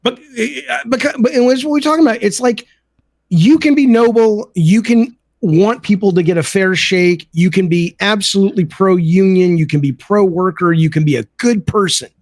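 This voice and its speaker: A man's voice: sits high, moderate pace, no room sound. A middle-aged man, a game developer guest on a podcast, talking in a blunt, emphatic, opinionated way. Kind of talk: casual podcast chat.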